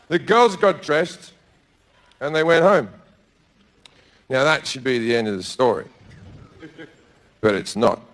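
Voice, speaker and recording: Crude, high-voiced stand-up comic man. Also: a bit bright, a little hiss or hum. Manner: crude, blunt storytelling with swearing. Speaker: stand-up comedian. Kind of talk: stand-up comedy storytelling. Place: comedy club stage before a live audience.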